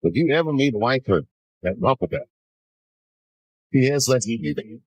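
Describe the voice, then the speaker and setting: Animated stand-up comic, man in his fifties. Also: medium pitch, moderate pace, slightly rough. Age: 50s. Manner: animated, punchy storytelling. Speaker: stand-up comedian. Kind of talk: stand-up comedy routine.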